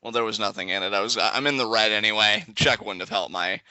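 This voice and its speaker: A young man chatting excitedly as a guest in a live reaction video, laughing often and rambling through restarts. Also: fairly low pitch, fast, no echo, lo-fi sound. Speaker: guest co-commentator. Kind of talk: casual live reaction chat.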